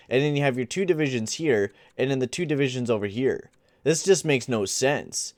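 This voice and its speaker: A man's voice: medium pitch, a little fast, darkish tone, dry recording, clean studio sound. A young man giving casual gameplay commentary, rambling and exasperated, full of slang like "dude" and "bruh". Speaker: gaming channel host.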